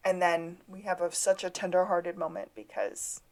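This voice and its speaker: A woman co-hosting a podcast, casually recapping a TV episode and acting out its lines. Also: fairly low pitch. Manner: animated, acts out scenes with quick line readings. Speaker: podcast co-host.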